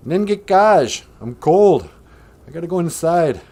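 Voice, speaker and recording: A man's voice: a little high, animated, fairly quick, dark tone. A man hosting a comedy show, joking and chatting in an easygoing way. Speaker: host. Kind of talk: comedic cartoon show banter. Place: outdoors in winter, then indoors.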